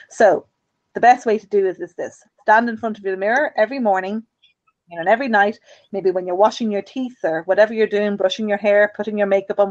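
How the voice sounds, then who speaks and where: A woman's voice: mid-range voice, a little mellow, no echo. A woman from Ireland talks through self-help advice in an earnest, encouraging way, repeating herself as she goes. Her voice sits in a middle range. The recording sounds a bit dull and lo-fi. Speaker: radio host.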